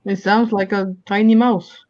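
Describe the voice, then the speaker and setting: A woman's voice: mid-range voice, flat delivery, a little slow. A woman in a casual live-stream chat who is playful and giggly and greets viewers by name. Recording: muffled lo-fi stream audio.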